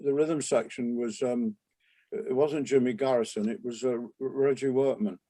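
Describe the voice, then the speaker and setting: Older man, mellow reminiscing voice. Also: mid-range voice, fairly even intonation, normal speed. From England. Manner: rambling, with many restarts and asides. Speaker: interview guest, jazz trumpeter. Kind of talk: relaxed reminiscing interview talk.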